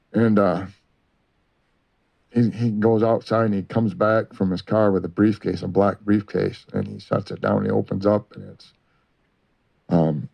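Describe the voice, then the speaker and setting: A man telling a long story as an interview guest, halting and full of "uh" and "you know". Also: lowish voice, vocal fry. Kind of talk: rambling first-person story. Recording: dull lo-fi recording.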